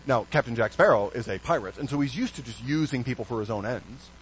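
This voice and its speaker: A man preaching a sermon as pastor, animated, with hushed low stresses and sudden bright emphasis. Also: fast talker, slight background noise, poor audio.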